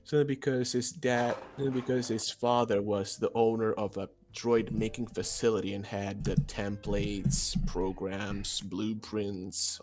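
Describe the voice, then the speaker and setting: A man on a podcast, talking casually in a hesitant, rambling way. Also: fairly low pitch. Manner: hesitant, rambling, many fillers.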